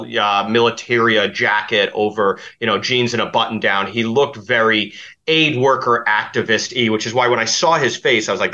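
Bright-voiced man on a dull line. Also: fairly low pitch. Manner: rambling, with many fillers and restarts. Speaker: investigative journalist guest. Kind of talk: interview.

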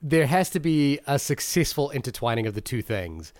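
A man's voice: medium pitch, big pitch swings, normal speed, darkish tone, dry recording. A man co-hosting a film podcast, talking through his points at length with many restarts and fillers. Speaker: podcast co-host. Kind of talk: casual film discussion.

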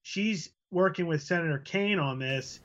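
A man giving a news briefing as senior correspondent, steady and explanatory. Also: on the high side, a little slow, lo-fi sound.

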